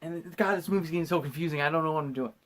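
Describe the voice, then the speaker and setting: A tipsy man hosting a podcast, retelling a movie in casual chat and acting out the characters' lines in loud put-on voices. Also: a little high, very fast. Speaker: podcast host.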